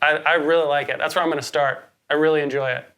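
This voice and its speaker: Bright, teasing male podcast co-host. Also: fairly high pitch, fairly even intonation. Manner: teasing, laughing, quick asides. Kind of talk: casual movie review chat. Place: Boston.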